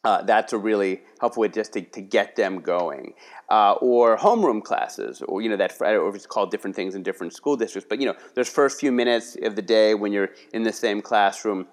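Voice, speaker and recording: A man's voice: fairly low pitch, fairly quick. Rambling, chatty man. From Philadelphia area, US. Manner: rambling, many restarts and "you know", "right?". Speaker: guest, writing workshop leader. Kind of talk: casual interview talk.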